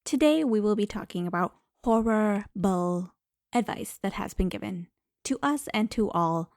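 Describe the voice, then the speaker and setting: A young adult woman co-hosting a podcast in casual chat, lively with playful emphasis. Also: mid-range voice, unhurried, no room sound, studio quality. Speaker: podcast co-host, healthcare professional.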